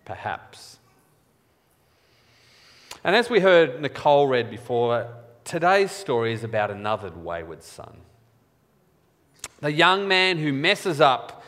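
A man's voice: mid-range voice, very animated, measured pace, a bit bright. A man preaching a sermon in a conversational, wry storytelling manner, in a church. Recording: church hall with long reverb.

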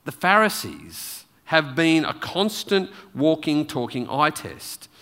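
A man preaching a sermon in a church, telling the story with lively, animated delivery. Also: a little high, slow, in a large hall.

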